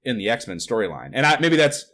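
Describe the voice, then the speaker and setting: A podcast co-host, a man with a medium-pitched voice, talks fairly quickly in a casual chat. He rambles, swears often, and erupts into animated bursts of disbelief.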